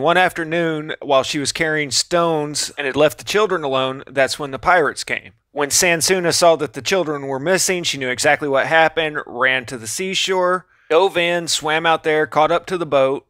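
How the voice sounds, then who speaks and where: A man's voice: on the high side, moderate pace, few pauses, a bit bright, no room sound, studio quality. A man casually narrating a video, with offhand, sarcastic asides.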